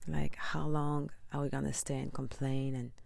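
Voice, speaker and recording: A woman talking to camera in a casual motivational vlog, earnest and inspirational, sometimes dropping into soft whispers. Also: deep voice, level tone, normal speed, vocal fry, dry recording. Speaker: vlogger.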